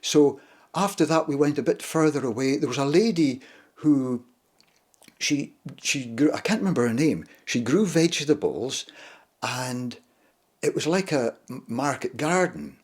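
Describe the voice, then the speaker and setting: An older man from Shetland, telling childhood stories in a casual, unhurried way. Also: mid-range voice, expressive, a little mellow, husky. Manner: unhurried, fond retelling of childhood memories. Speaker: storyteller. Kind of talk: casual spoken storytelling.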